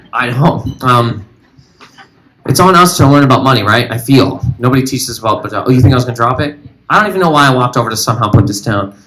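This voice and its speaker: A man doing stand-up comedy on stage, rambling and animated as he chats with the audience. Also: medium pitch, a little hiss or hum, poor audio. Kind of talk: stand-up comedy with crowd work. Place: live comedy venue.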